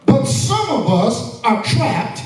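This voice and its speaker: A man's voice: very high voice, big pitch swings, slow, faint music behind. A male pastor preaching a sermon, telling a story and then driving home his point with emphatic, sing-song delivery. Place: church sanctuary. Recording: echoey church from far off.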